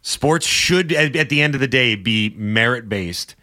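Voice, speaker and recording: Sports talk co-host, man, bright forceful tone, argumentative and emphatic. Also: medium pitch, lively intonation, unhurried.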